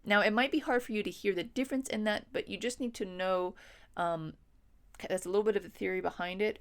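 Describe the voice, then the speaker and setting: A woman teaching a music lesson, patiently explaining and counting beats aloud, often checking in with the listener. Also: medium pitch. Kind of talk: instructional lesson.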